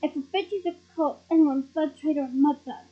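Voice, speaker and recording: A woman's voice: sits high, brisk, narrow, tinny audio, close to an everyday voice. A woman voicing a determined teenage boy wizard who speaks urgently and gives commands, in a storybook reading. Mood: stern.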